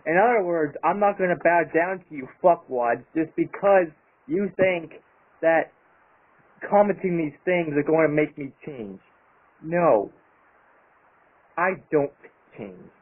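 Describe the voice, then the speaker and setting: A man delivering an angry, profanity-heavy vlog rant about his channel. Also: high voice. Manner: angry, profane, emphatic ranting. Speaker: YouTuber. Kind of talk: ranting vlog monologue. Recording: tinny phone-like sound.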